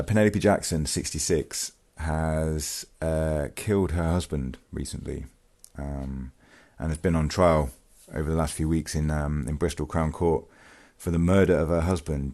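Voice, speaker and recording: A man with an extremely low, slightly mellow voice hosts his own vlog channel, walking through a true-crime case. He talks casually and hesitantly, full of ums and restarts, and now and then reads excerpts from a news article aloud.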